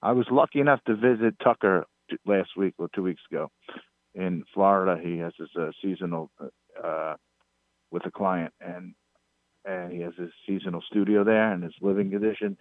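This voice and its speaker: A man with a New York accent tells his stories in a low voice, pushing up into emphatic complaints and then trailing into fillers. The sound is dry and tinny, squeezed through a phone line. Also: dry recording. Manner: storytelling, rising emphatic on complaints, halting fillers. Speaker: guest, PR strategist. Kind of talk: casual interview chat.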